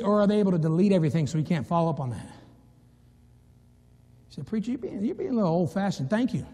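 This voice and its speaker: A middle-aged man preaching a sermon as pastor, swinging from hushed low passages to loud, high-pitched emphasis. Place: church sanctuary. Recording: long reverb from a church hall.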